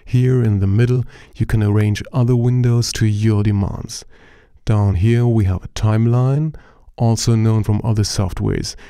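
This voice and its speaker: Gravelly German-accented man explaining software. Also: on the low side, steady tone, measured pace, dry recording, clean studio sound. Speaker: software tutorial presenter. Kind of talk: screen-recording tutorial narration.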